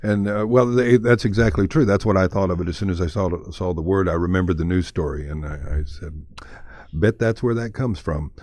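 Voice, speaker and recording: A man hosting a radio interview, asking quick prompting questions. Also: low-pitched, darkish tone, no room sound, studio quality. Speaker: radio host.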